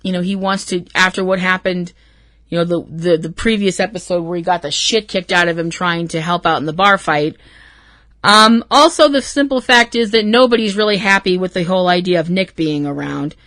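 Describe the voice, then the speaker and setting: A woman's voice: fairly low pitch, brisk, fairly bright tone, dry recording. A woman hosting a podcast, recapping an episode in a rambling, emotional way with plenty of swearing. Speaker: podcast host.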